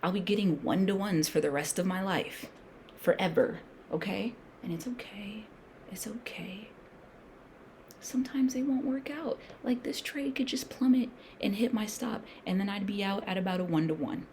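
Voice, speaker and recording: A woman's voice: medium pitch, normal speed, darkish tone, slight background noise. A woman day trader chatting casually as she trades, thinking aloud in slangy speech and coaching viewers emphatically, sometimes sinking to a whisper. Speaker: day trader streaming a trading session. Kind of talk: casual talk-along while trading.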